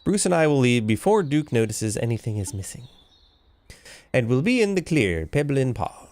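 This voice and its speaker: A man's voice: medium pitch, sing-song, moderate pace, a little mellow. A man voicing a cocky, mischievous male hamster thief in a video game, boastful and giggly.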